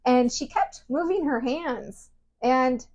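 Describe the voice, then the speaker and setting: Bubbly higher-voiced woman podcast host. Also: takes it slowly, muffled recording, a little hiss or hum. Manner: bubbly, animated storyteller who laughs often. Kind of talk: casual chat. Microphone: podcast mic.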